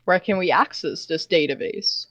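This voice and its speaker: A woman's voice: lowish voice, moderate pace, a bit bright, no room sound, lightly acted. A woman playing a prim, proper female adventurer in a tabletop game. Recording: dull lo-fi mic.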